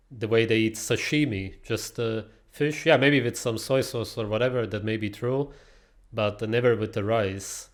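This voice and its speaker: A man commenting on clips in a casual, opinionated, lecturing way, with frequent filler sounds. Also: on the low side.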